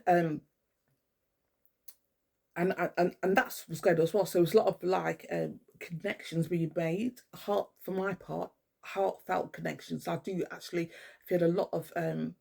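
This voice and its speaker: Middle-aged woman, gravelly and husky, rambling spiritual vlogger who swears freely. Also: lowish voice, fairly even intonation, normal speed, darkish tone. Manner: rambling, swears often, many fillers and restarts. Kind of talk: casual rambling monologue. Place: at home indoors with a cat.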